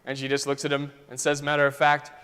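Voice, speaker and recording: A male pastor preaching a sermon as a vivid story, swinging between loud and soft passages. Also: medium pitch, monotone, quick pace, clean tone. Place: church sanctuary. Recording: long reverb of a church sanctuary.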